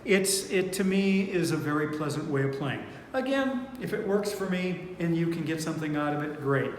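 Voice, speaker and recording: A man teaching four-string banjo in a relaxed, unhurried way, thinking aloud with fillers as he plays. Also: on the high side. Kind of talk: relaxed online music lesson. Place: indoor room, playing banjo while talking. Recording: echoey room with long reverb, banjo playing behind.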